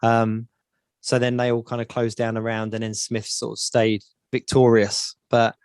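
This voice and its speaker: A man's voice: mid-range voice, completely flat delivery, moderate pace, a little mellow, clean tone, dry recording, studio quality. A man co-hosting a casual podcast chat, rambling and repeating words as he thinks. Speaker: podcast co-host.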